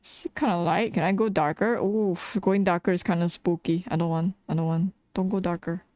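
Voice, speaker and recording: A woman's voice: on the low side, fairly even intonation, moderate pace, darkish tone, no echo, clean studio sound. A young woman streaming while she draws, chatting bluntly and casually with her viewers and laughing often. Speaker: streamer and artist. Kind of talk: casual livestream chat while drawing.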